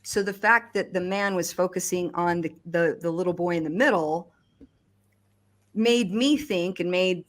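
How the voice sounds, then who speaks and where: Halting woman with a lowish voice. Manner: halting, many restarts and fillers. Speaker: survivor giving testimony. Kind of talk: personal testimony in conversation.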